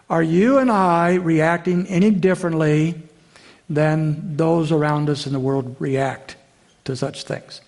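A pastor delivers a sermon in a fairly high, slightly mellow male voice. He is earnest and direct, frequently restarting his phrases and addressing the congregation as "folks."

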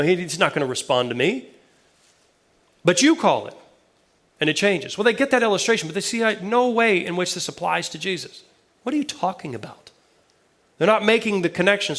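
Man preaching a casual, lively sermon, higher-pitched, reads scripture with chatty asides. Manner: casual and animated, with asides and questions to the listeners. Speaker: pastor. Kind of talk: conversational sermon with Bible reading.

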